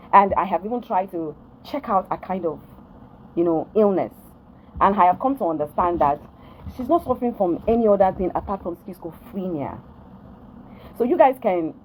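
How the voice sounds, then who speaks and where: A Nigerian woman vlogger rants straight to camera at her followers, emphatic and repetitive, often asking if they understand. Her voice is medium-pitched and darkish, on a low-quality recording with a little hiss or hum.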